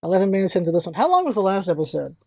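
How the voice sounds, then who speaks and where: A woman's voice: mid-range voice, very animated, very fast, vocal fry, darkish tone, husky, dry recording. A woman chatting casually while playing through a game, thinking aloud with faint music behind.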